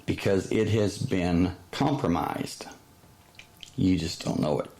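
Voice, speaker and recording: Slow-talking low-voiced man musing. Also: darkish tone, poor audio. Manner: slow and rambling, many fillers, sudden high exclamations. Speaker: host. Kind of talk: casual religious commentary.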